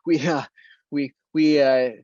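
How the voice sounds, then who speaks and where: A man's voice: on the high side, a little mellow, no room sound. A man, a Benedictine monk and priest, teaching casually about the spiritual life, searching for words with lots of "you know" and restarts. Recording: dull, slightly lo-fi dry sound.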